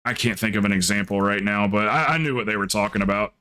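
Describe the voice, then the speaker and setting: A man from the American South with a mild Southern accent, telling stories in a relaxed, rambling way during a casual stream chat. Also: fairly low pitch, quick pace, clean tone.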